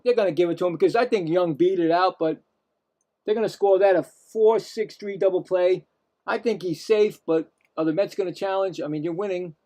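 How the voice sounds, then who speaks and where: High-voiced guy doing live play-by-play, gets fired up and talks to chat. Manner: excitable, rants at calls and chats to viewers. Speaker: play-by-play host of a streamed game.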